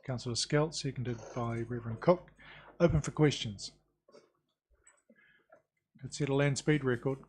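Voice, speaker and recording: A man chairing a council committee meeting, brisk and procedural with dry quips. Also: mid-range voice, darkish tone, a little hiss or hum. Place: council chamber.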